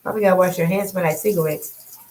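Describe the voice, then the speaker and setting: With a low voice, lively intonation and moderate pace, a woman chats casually on a late-night livestream from home. She rambles, laughs and grows drowsy; her laptop or phone mic captures an echoey room and slight background noise.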